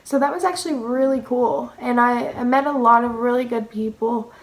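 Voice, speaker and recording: A young woman vlogger telling a personal story in a casual, animated way, acting out quotes and laughing often. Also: on the high side, moderate pace, poor audio.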